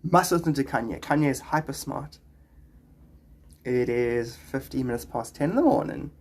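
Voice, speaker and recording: A man's voice: medium pitch, normal speed, darkish tone, slightly rough. A man chatting on a live stream, reading viewers' comments and rambling into spiritual musings.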